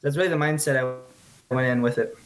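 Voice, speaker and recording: A teenage man answers interview questions in an earnest, halting way. He often stumbles over and repeats his words as he tells his story. His voice is mid-pitched and ordinary. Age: teens. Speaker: guest athlete.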